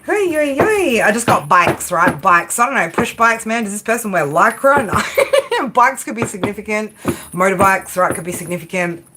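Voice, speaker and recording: A woman does a tarot reading in a loud, blunt way, swearing freely and asking "right?" again and again. Her voice is middle in pitch. The recording is noisy, with clicks and jangling sounds behind her. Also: lively intonation, normal speed. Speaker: tarot reader.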